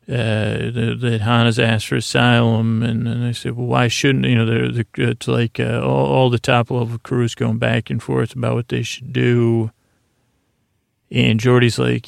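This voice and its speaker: A man hosting a sleep podcast, recapping an episode in a rambling, halting way full of fillers and restarts. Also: mid-range voice, no echo, clean studio sound. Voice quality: gravelly, creaky. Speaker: podcast host retelling an episode.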